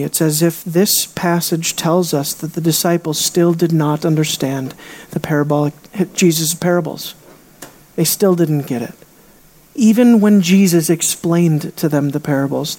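A preacher delivering a sermon who asks the congregation rhetorical questions and swings between loud, high emphasis and quiet, low asides. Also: unhurried.

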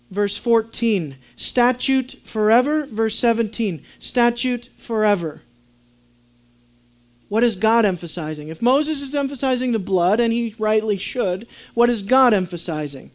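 Man, pastor, sermon, high-pitched voice, animated, soft asides and emphatic peaks. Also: normal speed. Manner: animated, swinging between soft low asides and emphatic raised points; addresses congregation with questions. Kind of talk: sermon teaching.

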